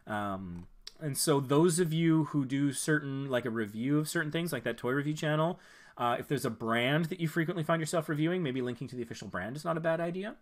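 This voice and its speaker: Brisk and animated, with a slightly high voice, this male streamer goes through viewers' channels in a casual live session. He rambles somewhat, restarting and filling pauses while offering helpful, friendly pointers.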